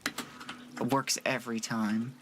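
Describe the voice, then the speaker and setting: A man's voice: mid-range voice, flat delivery, slow. Casting: male streamer, joking and self-narrating, keyboard clicking and some background noise. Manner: playful, jokey, talks to himself. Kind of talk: casual gameplay commentary. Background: keyboard typing.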